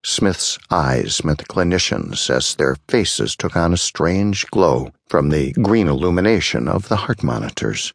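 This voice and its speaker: Deep gravelly male audiobook narrator. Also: big pitch swings, no echo, clean studio sound. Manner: measured, dramatic storytelling. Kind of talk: scripted narration.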